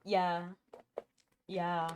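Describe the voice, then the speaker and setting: A woman's voice: fairly low pitch, level tone, very slow, a little hiss or hum. A woman live-streaming a game, chatting casually and answering her chat, with a cough now and then.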